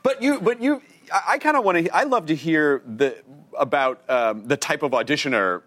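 A man hosting a TV talk show, asking questions in a quick, casual, joking way. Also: a little high, animated, fairly bright tone.

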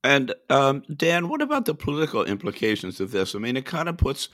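Male host, mid pitch, dry close mic, brisk conversational moderator. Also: huge pitch swings, fairly bright tone, no room sound. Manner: brisk, hands off to guests by name. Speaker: podcast host. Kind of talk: casual political podcast chat.

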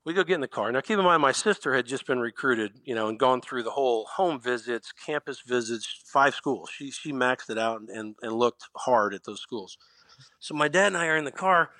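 Middle-aged Indiana man, lively guest storyteller with a bright, dry-miked voice. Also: mid-range voice, a little fast, dry recording. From Indiana, USA. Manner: animated storyteller, acts out quoted lines. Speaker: guest, former basketball player. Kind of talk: storytelling in a podcast interview.

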